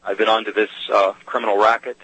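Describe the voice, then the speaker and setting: A man's voice: on the low side, level tone, quick pace, a bit bright, breathy edge, no echo, low-quality recording. Hesitant male radio caller. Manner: hesitant, many fillers. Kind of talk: call-in on talk radio.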